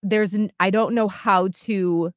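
A young woman co-hosting a radio show, talking candidly and haltingly in casual chat. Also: mid-range voice, fairly even intonation, no room sound, studio quality. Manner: candid, halting, self-reflective. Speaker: radio co-host.

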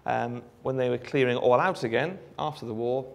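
A Welsh man giving a live demonstration of a phone app, explaining in a relaxed way with frequent ums. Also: mid-range voice, fairly quick, creaky. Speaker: app developer giving a presentation. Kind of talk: live product demo talk.

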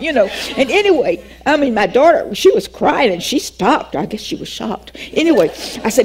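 An older woman teaching a Bible class, telling a personal story in an animated way, acting out the dialogue and laughing often. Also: fairly high pitch, a little fast, slightly rough.

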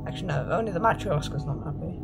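A woman's voice: on the low side, lively intonation, quick pace, vocal fry. A woman giving playful, mock-cheerful commentary while playing a horror game, with sing-song exclamations. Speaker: gaming YouTuber. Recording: game music behind the voice.

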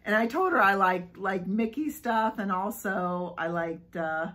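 Slow, breathy woman gushing over an unboxing. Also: medium pitch, rough recording. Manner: gushing, excitable, giggly. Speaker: vlogger unboxing a subscription box. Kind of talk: casual unboxing vlog.

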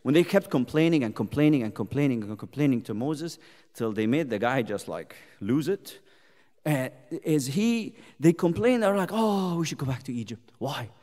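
A man's voice: medium pitch, lively intonation, normal speed, warm tone. A man teaching a youth Bible study as a sermon, impassioned, firing rhetorical questions and speaking God's pleas in first person. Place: church hall. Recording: long hall reverb.

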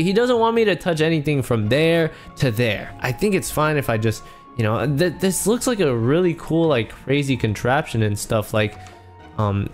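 A young man narrates his Minecraft roleplay in a chatty, animated way. His pitch swings widely, from mid-range talk up to panicky high yelps. Faint music plays under his voice. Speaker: YouTube roleplay host.

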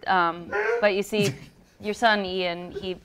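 A woman's voice: medium pitch, little pitch movement, slow, a loud crowd. A woman hosting a comedy bit, talking in a sweet, politely mock-sad way.

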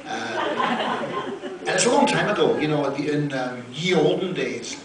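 A man's voice: a little high, very animated, a little slow. Profane, self-mocking man telling stage stories. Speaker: singer-songwriter performing live. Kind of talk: onstage storytelling banter. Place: theater stage, live concert. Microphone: stage mic. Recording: echoey theater, distant mic, loud crowd.

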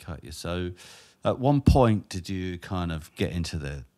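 A man hosting an interview, reacting with quick encouraging interjections. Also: low voice, lively intonation, a little mellow. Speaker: host. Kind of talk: casual interview.

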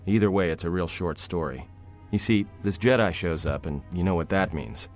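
An actor playing a sarcastic, roguish young prisoner in a video game, with a low, gruff voice and dry, cocky delivery. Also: male voice, normal speed, natural voice. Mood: sardonic. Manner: wry, cocky, dry jokes. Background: game music.

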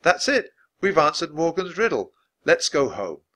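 Earnest bookish kid from a storybook, dad doing the voice, a bit nervous, kinda bright. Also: male voice, fairly high pitch, sing-song, measured pace, voice pushed up, full character voice. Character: cautious bookish young boy Jack.

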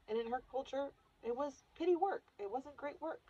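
A woman's voice: sits high, lively intonation, normal speed, few pauses, mellow. A woman in her thirties telling a personal story on her vlog in an emotional, confessional way. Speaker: vlogger. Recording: dull lo-fi recording.

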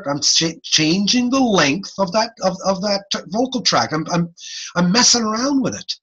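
A man teaching an online class over a video call. He demonstrates speech sounds aloud, with animated changes of voice, and often repeats himself. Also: high-pitched, normal speed, husky, dull audio. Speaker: instructor. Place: home or office on a video call.

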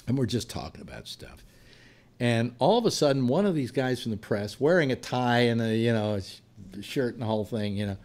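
A man's voice: mid-range voice, big pitch swings, a little fast, darkish tone. A man in his seventies hosting a casual panel chat, telling long rambling stories from his past. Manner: rambling anecdotal storyteller. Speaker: radio show host.

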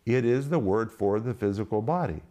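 A man's voice: fairly low pitch, expressive, normal speed, mellow. A middle-aged man teaching the Bible on a ministry program, emphatic, repeating questions and explaining Greek words.

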